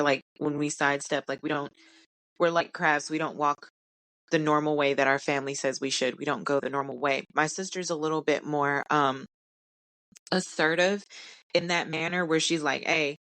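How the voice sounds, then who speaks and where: A woman's voice: low-pitched, a bit bright. Candid young woman, tearful and stuffy-nosed. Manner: candid, emotional, casual slang. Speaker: vlogger. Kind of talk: personal vlog reflection.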